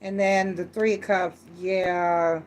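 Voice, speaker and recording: A woman's voice: on the low side, flat delivery, slow. A woman giving a casual, frank tarot reading, chatty and full of restarts. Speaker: tarot reader.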